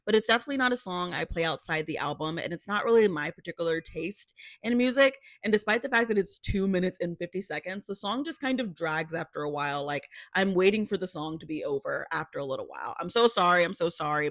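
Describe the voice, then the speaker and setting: A young music vlogger talks through a tier-list ranking at home, emphatic and gushing with theatrical apologies. The sound is dry and close, with little room in it, and the voice sits at a middle pitch. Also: a bit bright, dry recording. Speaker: music reviewer.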